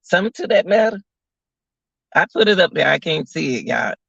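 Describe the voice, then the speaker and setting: Gravelly, bright-voiced man ranting to viewers. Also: a little high, big pitch swings, brisk, dry recording. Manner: incredulous, repeats phrases, talks to viewers as y'all. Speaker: commentary vlogger. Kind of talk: casual live commentary. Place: at work, away from home. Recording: dull lo-fi audio.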